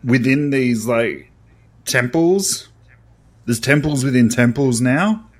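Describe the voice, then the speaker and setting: A man's voice: medium pitch, expressive, slow pace. A young man with an Australian accent co-hosting a podcast, talking loosely with lots of fillers. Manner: laid-back, rambling with fillers. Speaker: podcast co-host. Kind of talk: casual chat.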